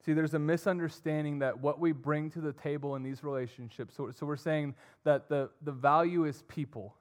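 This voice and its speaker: A young man preaching a sermon, earnest, swinging between emphatic and soft. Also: fairly high pitch, steady tone, normal speed. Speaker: pastor.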